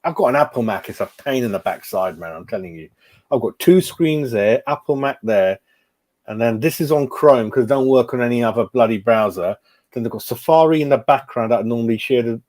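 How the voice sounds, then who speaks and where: A man's voice: mid-range voice, animated, brisk, darkish tone. A man hosting a live fan stream, chatting casually and muttering to himself while he fiddles with his computer. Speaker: fan channel host.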